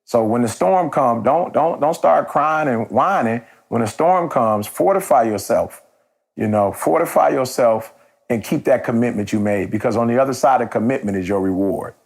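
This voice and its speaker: A man's voice: medium pitch, lively intonation, moderate pace, gravelly. A man hosting a podcast, telling a story in a casual, slangy way before turning it into a motivational message. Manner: conversational and slangy, with repeated phrases and restarts. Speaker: motivational speaker and podcast host.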